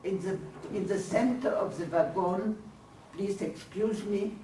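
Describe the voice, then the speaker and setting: An older woman giving her testimony as a lecture, speaking slowly and searching for words. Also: mid-range voice, fairly even intonation, warm tone, a little hiss or hum. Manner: slow, halting, searching for English words. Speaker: Holocaust survivor giving testimony. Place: lecture hall. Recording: roomy hall, voice from far off.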